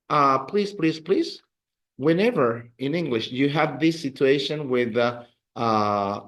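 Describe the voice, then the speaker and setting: A man's voice: a little high, a bit bright. A man teaching a beginner Spanish class, patiently repeating words for drills and encouraging his students. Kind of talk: classroom language lesson.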